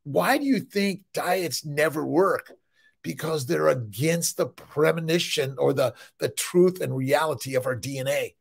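Man, middle-aged, gravelly, slightly high voice, blunt and profane, motivational rambling. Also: measured pace. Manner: emphatic, rambling, peppered with "listen" and "right?". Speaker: fertility doctor hosting a morning livestream. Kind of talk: energetic motivational monologue.

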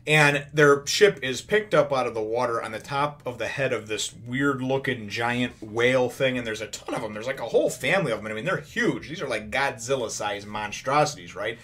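A man's voice: mid-range voice, moderate pace, few pauses, fairly bright tone. A man casually recapping a comic chapter as the show's host, rambling with lots of fillers and restarts and loosely paraphrasing the characters. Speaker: manga review host.

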